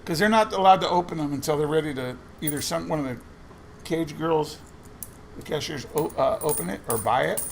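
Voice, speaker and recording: Man, casual vlogger, rambling anecdote, gravelly voice, coins clinking behind, faint hiss. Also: on the high side, brisk. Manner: rambling anecdotes, quoting others in conversation. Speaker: coin roll hunting vlogger. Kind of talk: casual storytelling while searching coin rolls.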